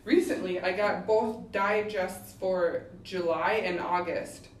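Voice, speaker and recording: A woman's voice: fairly low pitch, steady tone, slow, slight background noise. An easygoing woman co-hosting a chat podcast, laughing along and talking casually. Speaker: podcast co-host. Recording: roomy, distant mic, faint ambience.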